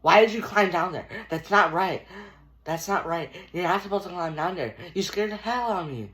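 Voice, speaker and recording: A man's voice: high-pitched, moderate pace, a bit bright, pitched above the performer's own voice. A teenage boy voicing a flustered older woman neighbor who scolds and repeats herself, in a casual storytime retelling. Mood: scolding.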